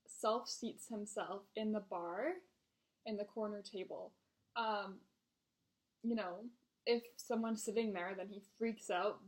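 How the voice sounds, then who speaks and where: Speaking at a mid pitch, a young woman who vlogs as a restaurant server shares a casual storytime about her customers. Her delivery is blunt and exasperated, full of swearing.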